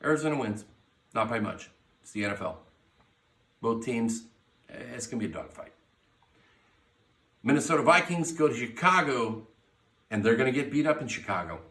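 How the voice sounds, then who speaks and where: A man's voice: medium pitch, expressive, moderate pace, long pauses, fairly bright tone. A man hosting a podcast, giving brash, profane sports picks in casual talk and hyping his teams. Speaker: podcast host. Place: bar lounge. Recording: echoey room, mic at a distance.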